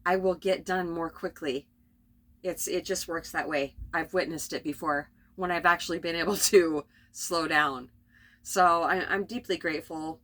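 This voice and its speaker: A woman's voice: on the low side, steady tone, moderate pace. A middle-aged woman talking casually and earnestly about her spiritual path, rambling with restarts. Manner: earnest, rambling, often restarts and laughs softly. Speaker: spiritual vlogger.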